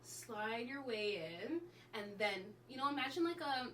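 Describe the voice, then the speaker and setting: A woman's voice: high voice, expressive, normal speed, a bit bright, recorded from a distance, a little hiss or hum. A woman guest giving frank dating advice in a casual chat, talking freely and acting out what people say. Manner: frank, chatty, laughs often, acts out quoted lines.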